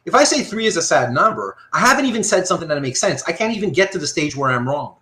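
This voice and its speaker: A man teaching a live online philosophy class, working through examples out loud and often checking that his students follow. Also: on the high side, quick pace. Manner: animated, thinks aloud with frequent rhetorical checks. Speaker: philosophy lecturer.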